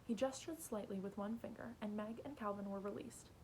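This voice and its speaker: A woman teacher reading a novel aloud to her students in an expressive storytelling manner. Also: medium pitch, brisk, a little hiss or hum, low-quality recording.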